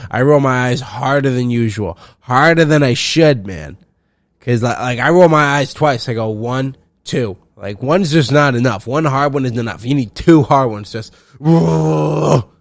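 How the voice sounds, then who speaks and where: A man's voice: mid-range voice, no echo. Profane, rambling young man. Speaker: podcast host. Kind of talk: solo comedic podcast rant.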